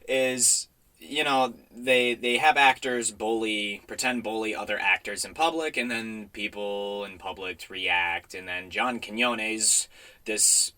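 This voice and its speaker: Young male podcast host, bright timbre, animated and joking, laughs between thoughts. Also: lowish voice, takes it slowly. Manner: animated, jokey, laughing asides. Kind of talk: casual chat.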